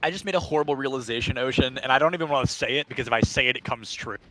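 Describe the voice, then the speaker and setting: A young man calling a live esports match, quick and excitable in his play-by-play, with game music behind him. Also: medium pitch.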